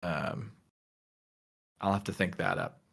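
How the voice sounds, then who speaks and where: A man's voice: deep voice, animated, slow pace, gravelly, fairly bright tone, husky. A man running a tabletop game as game master, thinking aloud with hesitant fillers.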